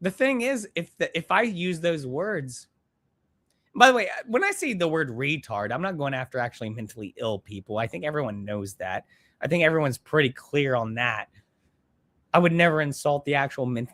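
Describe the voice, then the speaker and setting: A man's voice: fairly high pitch, expressive, moderate pace, fairly bright tone. A man hosting a live stream, ranting bluntly and profanely while reading viewer comments in a rambling way.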